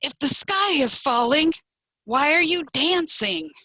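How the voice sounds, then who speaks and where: A woman's voice: high voice, animated, slow, bright, forceful tone, dry recording, voice pushed up, heavily acted. A smug, scheming storybook fox talks in a sly, sing-song tone, voiced by a woman. His voice swoops up and down. The recording is dry and close.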